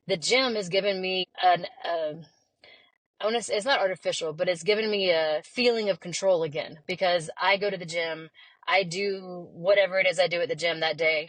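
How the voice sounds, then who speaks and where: A woman, telling stories in a chatty, animated way as a podcast guest. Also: lowish voice, no room sound, poor audio. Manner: chatty, animated storyteller who acts out quotes. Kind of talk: casual conversation.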